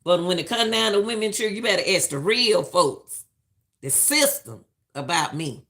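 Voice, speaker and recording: A middle-aged woman, talking in a bright, forceful voice. She gives live-stream commentary in an emphatic, preachy way and hammers her points home by saying them again. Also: mid-range voice, animated, moderate pace. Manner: emphatic and preachy, repeats lines for stress.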